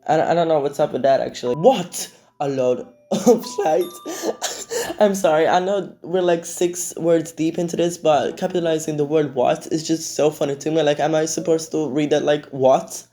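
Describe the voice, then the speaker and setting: A man's voice: fairly high pitch, moderate pace, warm tone, faint music behind. A teenage boy, sarcastically reading and answering comments in a casual commentary, swearing often. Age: teens. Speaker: YouTube commentator.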